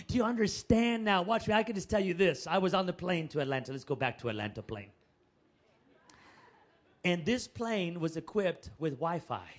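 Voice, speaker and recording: Animated high-voiced preacher man. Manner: animated, shifts between shouting peaks and hushed retelling. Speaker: pastor. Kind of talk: sermon.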